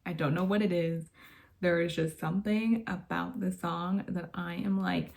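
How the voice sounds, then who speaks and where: A woman's voice: lowish voice, fairly even intonation, normal speed, creaky, darkish tone. A woman vlogger chatting casually from her bedroom, gushing and laughing often as she talks. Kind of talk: casual chat.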